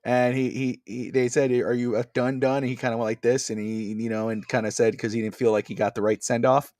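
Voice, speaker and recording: A man's voice: mid-range voice, little pitch movement, brisk, darkish tone, no echo, clean studio sound. A man co-hosting a casual wrestling podcast over a video call, rambling with many fillers and restarts. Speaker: podcast co-host.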